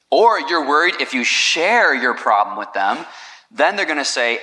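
Pastor guy giving a sermon, chatty, keeps asking the crowd questions, bright forceful voice. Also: fairly high pitch, expressive, moderate pace. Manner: conversational, asks the listeners questions.

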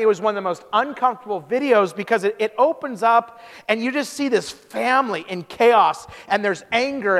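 A man preaching a sermon as pastor, telling stories in an animated way with quick restarts. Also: very high voice, long reverb tail.

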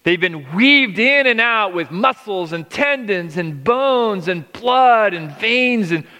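High, bright-voiced preacher in a hall. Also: male voice, animated. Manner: emphatic, drawn-out words with frequent restarts. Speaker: pastor. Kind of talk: sermon. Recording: long reverb of a large hall.

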